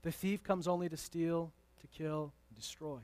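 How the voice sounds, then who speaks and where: High voiced guy preaching, dry close mic, gets loud then goes quiet and jokey. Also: steady tone, normal speed, no room sound. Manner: emphatic, swings from loud to hushed; conversational and playful asides. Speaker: pastor. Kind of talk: sermon.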